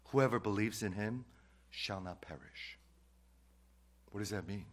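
Low-voiced pastor preaching emphatically. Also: male voice, measured pace. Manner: emphatic, swings between loud declarations and quiet asides, repeats key phrases. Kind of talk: sermon.

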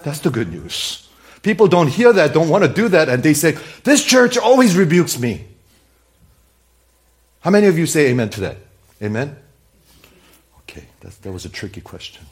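A man preaching a sermon in a church, talking straight to the congregation and swinging from loud emphasis to hushed, near-whispered asides. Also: a little high, big pitch swings, brisk. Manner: conversational, speaks straight to the congregation with questions. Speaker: pastor.

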